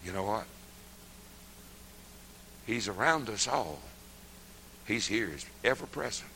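An older man preaching a sermon, folksy and laughing often, swinging from hushed murmurs to loud shouts. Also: fairly low pitch, very animated, slow, vocal fry, slight background noise, low-quality recording.

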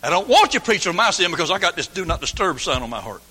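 A man's voice: high-pitched, very animated, fast, sharp tone, slightly rough. A man preaching a folksy, emphatic sermon, sometimes mimicking his listeners' excuses. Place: church sanctuary. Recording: long hall reverb.

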